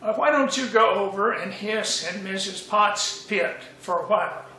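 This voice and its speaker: A weary mother python, voiced by a male storyteller, speaks in a dry, drawn-out way. Her voice is high and bright. It rings in an echoing room. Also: slight background noise.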